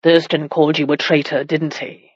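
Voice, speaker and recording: A gruff medieval warrior husband, low and terse, as a woman reader puts him on. The lines come across dry and close. The sound is dull and lo-fi. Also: level tone, normal speed, no echo.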